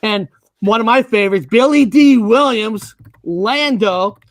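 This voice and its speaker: American man, high voice, dry close sound, hesitant host, video call. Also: unhurried, dry recording. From United States, Washington state. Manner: loose, hesitant with many ums and uhs. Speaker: online show host. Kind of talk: casual video call interview.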